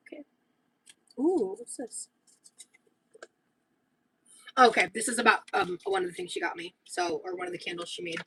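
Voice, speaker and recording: A young woman livestreaming as she opens gifts, talking in gushing, breathy exclamations full of fillers. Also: medium pitch, animated, a little fast, rough recording. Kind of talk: casual livestream chat.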